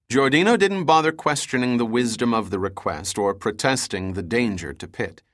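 A man's voice: mid-range voice, fairly bright tone, dry recording, studio quality. Man narrating an audiobook.

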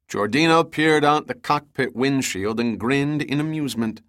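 A man giving steady, even scripted audiobook narration of an adventure novel. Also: mid-range voice, moderate pace, hardly any pauses, dry recording, clean studio sound.

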